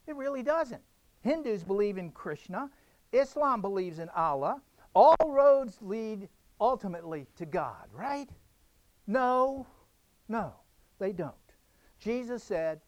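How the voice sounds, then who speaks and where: A man's voice: high voice, lively intonation, unhurried, a little mellow, no room sound. A man preaching a sermon, emphatic and direct, repeating phrases for effect. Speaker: pastor.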